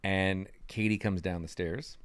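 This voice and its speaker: A man with a lowish, smooth voice talks through his character's scene in a casual podcast. He rambles, restarting sentences and filling pauses as he goes. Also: steady tone, no room sound. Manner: rambling, lots of fillers and restarts. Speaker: tabletop role-play player. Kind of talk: casual recap of a game scene.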